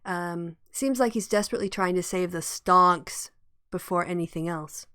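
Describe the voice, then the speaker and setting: A woman's voice: on the low side, moderate pace, sharp tone, smooth, no room sound, clean studio sound. A woman hosting a casual podcast chat, teasing and ironic, laughing often. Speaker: podcast host.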